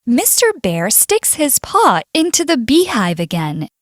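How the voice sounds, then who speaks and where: A young woman with an Indonesian accent reading a fable aloud for a class in a slow, expressive way. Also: a little high. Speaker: student presenter. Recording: faint background music.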